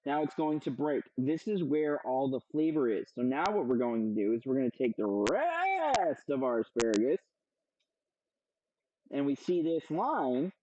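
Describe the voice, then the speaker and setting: A man's voice: a little high, muffled recording, a little hiss or hum. Rowdy, profane man live-streaming his cooking. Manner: loud, profane, joking, reads chat aloud. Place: home kitchen. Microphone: streaming setup with several cameras.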